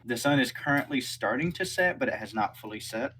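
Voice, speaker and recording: Game master man, bright voice. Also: medium pitch, animated, fairly quick, slightly rough. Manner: loose, hesitant narration with many fillers. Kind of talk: narrating a tabletop game.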